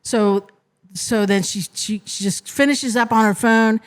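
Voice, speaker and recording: A woman guest on a podcast retelling an experience in an animated, casual way, often restarting her sentences. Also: a little high, unhurried, clear, resonant tone. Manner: animated retelling, frequent restarts and "you know". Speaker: interview guest, restaurant co-manager. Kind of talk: casual storytelling.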